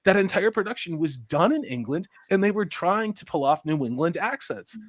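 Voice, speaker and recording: A man hosting a livestream chat, rambling along and dropping sarcastic jokes. His voice sits a little high for a man. The sound is dry and close, with no room echo. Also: expressive, moderate pace. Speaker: livestream host reading chat.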